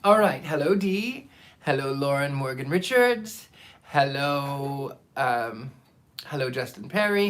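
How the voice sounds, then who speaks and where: Host type, male, theatrical and chatty, greets his audience warmly by name, mid-range voice. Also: mid-range voice, animated, slow pace. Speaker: host of a live storytelling stream. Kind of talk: casual chat and reading aloud.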